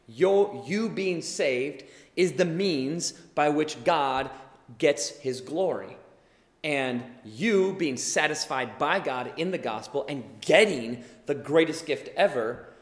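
Earnest young preacher in an echoey hall. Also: male voice, a little high. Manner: earnest, explanatory, builds to emphatic bursts. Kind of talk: sermon. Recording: echoey hall with long reverb.

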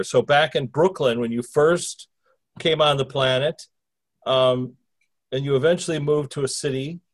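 A man hosting a conversation, asking long wandering questions full of restarts. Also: medium pitch. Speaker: host interviewing a spirit through a medium. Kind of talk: casual interview talk.

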